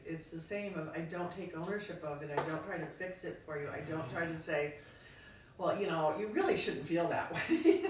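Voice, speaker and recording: A woman co-hosting a casual talk, thinking aloud in a reflective way with lots of fillers. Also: fairly low pitch. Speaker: podcast co-host. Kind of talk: casual conversation. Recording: echoey room from far off, faint noise.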